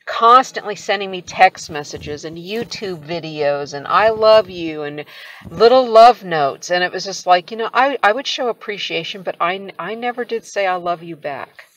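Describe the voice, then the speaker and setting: A woman's voice: lowish voice, animated, moderate pace, slight background noise. A middle-aged woman telling her own story in a casual, candid way, with a wry tone and frequent laughter. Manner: candid, wry, laughs often while recounting. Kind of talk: casual personal storytelling to camera.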